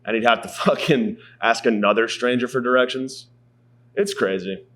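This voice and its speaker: A man's voice: medium pitch, moderate pace, fairly bright tone. Rambling, profane man in his thirties. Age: 30s. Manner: rambling, profane, self-mocking with lots of fillers. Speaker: podcast host. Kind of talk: casual comedic monologue.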